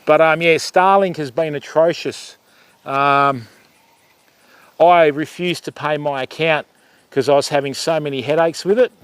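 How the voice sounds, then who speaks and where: A talkative middle-aged Australian man, his voice sitting a little high for a man, rambling easily through a fishing livestream. He chats to viewers by name, sprinkles in mate and lovey, and wanders off on side topics while he fishes by a river. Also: fairly even intonation, a little slow, fairly bright tone, smooth, no room sound. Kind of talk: casual live chat with viewers. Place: outdoors by a river.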